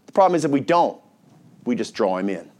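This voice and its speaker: A man's voice: medium pitch, sing-song, fairly quick, a little mellow. Male pastor preaching, engaging the congregation with repeated questions and answers. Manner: rhetorical questions, call-and-response with congregation. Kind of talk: sermon. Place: church.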